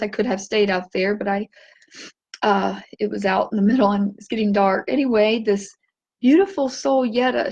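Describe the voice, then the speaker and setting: A woman telling a personal story in a gentle, halting way, teary and with her voice breaking. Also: a little high, lo-fi sound. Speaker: vlogger sharing a personal story.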